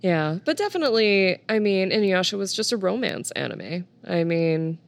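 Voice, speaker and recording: A woman co-hosting a casual chat, animated and quick to laugh. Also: medium pitch, creaky.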